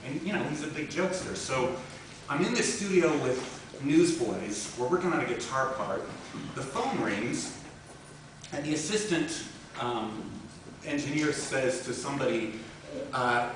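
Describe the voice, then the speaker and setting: A man's voice: mid-range voice, moderate pace. A man, a record producer, telling a funny story from his career in a casual way, often laughing and quoting people. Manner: animated, laughing often, quotes voices. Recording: roomy, distant mic, noisy background.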